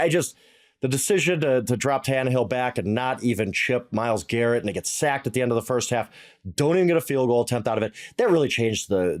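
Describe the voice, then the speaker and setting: A middle-aged man co-hosting a casual sports analysis chat, emphatic and exasperated, thinking out loud. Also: mid-range voice.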